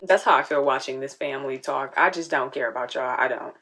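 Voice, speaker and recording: A woman's voice: extremely low pitch, a little fast, fairly bright tone. A woman hosting a casual reaction video, chatting and talking back at the screen.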